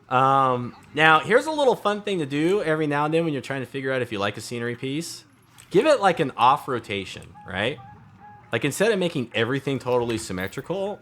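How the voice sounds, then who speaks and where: A man's voice: mid-range voice, fairly bright tone. A man in his thirties thinking aloud as he builds in a game, casual and chatty. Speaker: let's play host. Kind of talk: casual gameplay commentary.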